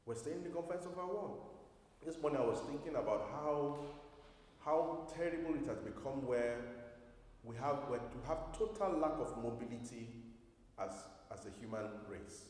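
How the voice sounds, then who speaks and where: Recorded from a distance in an echoey church hall, a pastor preaches emphatically to his congregation, piling on rhetorical questions. His voice sits on the high side, a little mellow, at a moderate pace.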